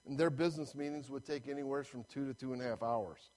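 A man's voice: medium pitch, fairly even intonation, quick pace, a little mellow. A man preaching a sermon as pastor, telling a story animatedly and acting out the voices of the people in it.

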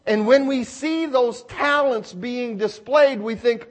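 A man preaching a sermon from a church stage, telling a homely story, acting out quotes and often clearing his throat. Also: very high voice, expressive, slow. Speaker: pastor.

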